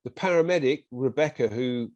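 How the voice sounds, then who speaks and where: An English man with an English accent, a guest in an interview, telling a personal story in a lively way and acting out what other people said to him. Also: mid-range voice, moderate pace, no echo, lo-fi sound. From England. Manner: animated, acts out quoted speech of others.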